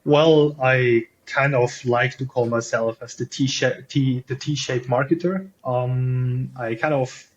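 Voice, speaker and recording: A man's voice: mid-range voice, steady tone, slow, hardly any pauses, dull audio, slight background noise. A man who is a guest on a podcast, talking casually and searching for words, a bit self-deprecating. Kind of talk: casual interview chat.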